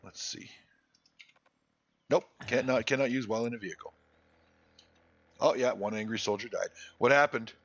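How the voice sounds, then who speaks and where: A man's voice: medium pitch, moderate pace, long pauses, fairly bright tone, dull audio. A man chatting casually and bluntly while streaming a video game, rambling with restarts and crude language. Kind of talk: casual live-stream gaming chat.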